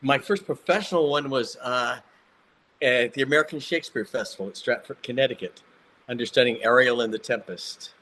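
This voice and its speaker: An older man from Mississippi spins funny, self-mocking anecdotes as a podcast guest. His voice sits at an ordinary middle pitch, and his delivery is casual and animated. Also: a little fast, slight background noise. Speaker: guest actor. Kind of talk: casual storytelling.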